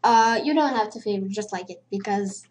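A woman's voice: mid-range voice, fairly quick, slight background noise. Jittery non-native woman gamer, swearing. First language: not English. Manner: jittery, swears a lot, hums nonsense to stay calm. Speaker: let's play gamer. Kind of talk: horror game commentary.

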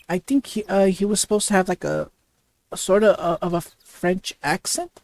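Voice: medium pitch, fairly even intonation, a little mellow, dry recording. Stuttering let's play narrator. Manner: halting, heavy stuttering. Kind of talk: let's play commentary and reading.

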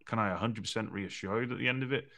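A man's voice: on the low side, racing, vocal fry, pushed and bright. A man co-hosting a podcast, talking earnestly and repeating phrases for emphasis. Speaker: podcast co-host. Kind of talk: casual conversational chat.

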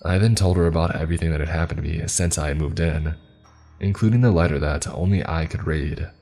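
Very deep husky male horror narrator. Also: fairly quick, warm tone. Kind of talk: scripted horror story narration. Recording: faint music behind.

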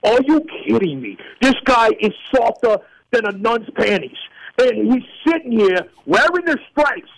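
A man plays a furious, crude Yankees fan calling a sports show, bragging and ranting. The voice sits high for a man. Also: very animated, a little slow, creaky, full character voice, low-quality recording. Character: furious loudmouth male New York Yankees fan caller. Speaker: radio host playing a caller. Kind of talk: comedic sports radio bit.

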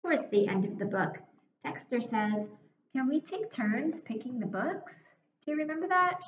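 Slow, encouraging woman teaching young children. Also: high voice, sing-song. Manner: slow, clear and encouraging, pausing for answers. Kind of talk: recorded remote reading lesson for young children. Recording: echoey room, dull sound, faint hiss.

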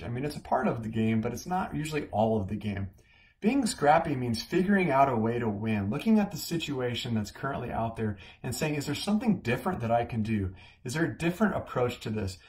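Midwest guy, ceo type, telling a story then giving business tips, chatty with lots of uh and like, mid-pitched voice. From Midwestern United States. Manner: lively storyteller, conversational with frequent "uh" and "like". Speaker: company CEO and business consultant. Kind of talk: motivational business talk with a personal story.

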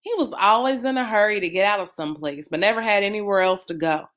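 A woman reading a novel aloud with expressive storytelling. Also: mid-range voice, fast talker. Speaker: reader.

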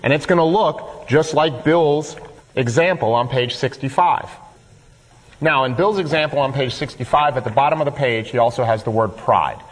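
A man leading a workshop, talking a group through written steps in a plain-spoken way. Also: mid-range voice. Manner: plain-spoken, role-plays his own grudges. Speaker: workshop leader. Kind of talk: instructional talk to a group. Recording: long hall reverb.

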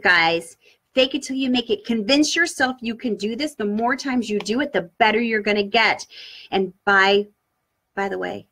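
A woman giving an upbeat live-streamed training talk on public speaking, coaching her viewers with lively inflection. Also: medium pitch, normal speed. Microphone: webcam or laptop mic for a live stream.

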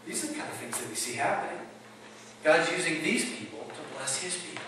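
A man's voice: on the high side, brisk, background noise. A man preaching a sermon in an emphatic, conversational way, asking rhetorical questions. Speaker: pastor. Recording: echoey hall, mic at a distance.

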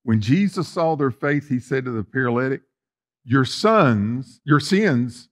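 The speaker is a male pastor whose folksy sermon speaks straight to the congregation, shifting between emphatic loud passages and quiet asides. He has a mid-range voice, sounds animated, and keeps a measured pace.

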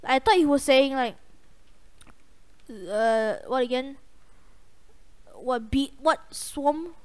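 A young woman hosting a gaming channel, giving casual, excitable gameplay commentary with a voice going hoarse. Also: high voice, takes it slowly. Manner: excitable, yelps and trash-talks the game.

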